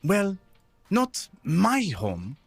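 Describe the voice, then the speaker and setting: Hamza, a grandiose arcade collector. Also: male voice, high voice, huge pitch swings, extremely slow, vocal fry, slightly rough, full character voice. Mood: courtly. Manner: theatrical, courtly and expansive. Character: grandiose flamboyant male arcade collector host. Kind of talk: video game voice acting.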